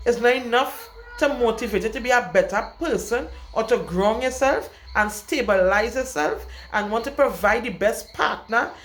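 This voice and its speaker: A woman's voice: fairly high pitch, normal speed, few pauses. A young woman, vlogging an emphatic, blunt rant to camera, repeating her points for weight. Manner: emphatic, repetitive, speaks her mind bluntly. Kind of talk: casual storytime rant to camera. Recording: echoey room with faint background noise.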